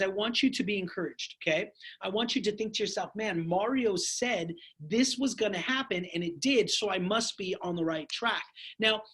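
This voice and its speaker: A man giving an energetic motivational training talk to his sales team, speaking to them as "guys" and telling stories full of quoted dialogue. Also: high-pitched, slightly rough. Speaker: network marketing team trainer.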